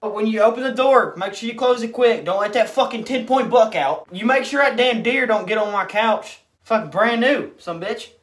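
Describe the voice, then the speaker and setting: A man's voice: sits high, moderate pace, hardly any pauses, fairly bright tone. A man ranting in a brash, sarcastic and profane comedic style. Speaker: comedy commentator. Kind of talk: comedic rant.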